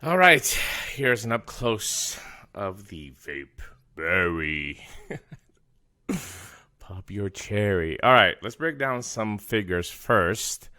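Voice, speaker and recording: A man from the United States talks through a small device in a casual video review. His voice sits low. He is chatty and pokes fun at himself. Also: very animated, extremely slow, bright, forceful tone. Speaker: product reviewer.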